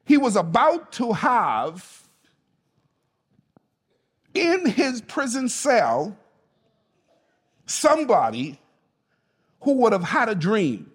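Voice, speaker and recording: Male pastor, high voice, slow emphatic sermon, church hall reverb. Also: very animated, breathy edge. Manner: emphatic, calls on the congregation to respond.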